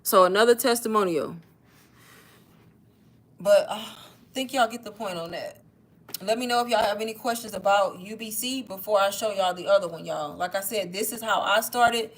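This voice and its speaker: A woman's voice: medium pitch, normal speed. A young woman hosting a casual livestream, chatty and persuasive, a bit out of breath and saying "y'all" all the time. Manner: chatty, says "y'all" constantly. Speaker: online course seller hosting a livestream. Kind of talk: casual livestream sales pitch.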